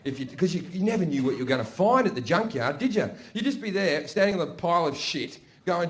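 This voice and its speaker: A man with an Australian accent telling profane, animated stories as a stand-up comedian. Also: a little high, fast, few pauses. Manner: brash, profane, animated storytelling. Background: audience laughter.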